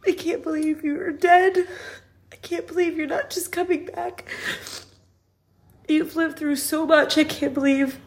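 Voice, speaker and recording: A woman hosting a podcast, speaking in a halting, grieving personal monologue, tearful and sighing as she trails off. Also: sits high, fairly even intonation. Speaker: podcast host.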